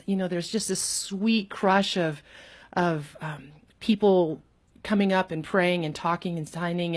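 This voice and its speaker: A middle-aged woman, an author and speaker, telling a personal story with lively, expressive delivery and sudden pitch jumps when she acts out quotes. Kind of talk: animated storytelling.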